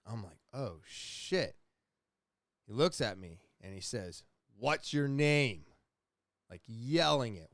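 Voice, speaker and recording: A young adult man hosting a podcast, casually telling a rambling, profane story with animated retellings. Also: mid-range voice, a little slow, no room sound, clean studio sound. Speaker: podcast host.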